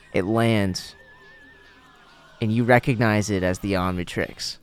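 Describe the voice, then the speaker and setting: A man's voice: lowish voice, steady tone, slow pace, long pauses, clear, resonant tone. A man narrating a tabletop game as game master in a laid-back, joking way. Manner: laid-back, laughing, swearing. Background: faint music.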